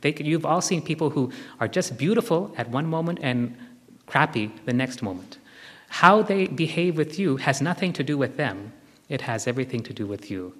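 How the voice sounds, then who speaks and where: A man giving a live spiritual talk to a group, gently instructive and repeating his key phrases. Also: mid-range voice, lively intonation, moderate pace. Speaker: spiritual teacher. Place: large hall with long reverb. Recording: long hall reverb from a live talk.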